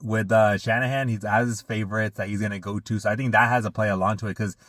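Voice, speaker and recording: A man with a low voice talks football casually, full of "like" and restarts, and gets louder and higher when he is worked up. The recording is dry and close. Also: fast, no echo. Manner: rambling, filler-heavy, animated when venting. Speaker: podcast co-host. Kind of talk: casual sports chat.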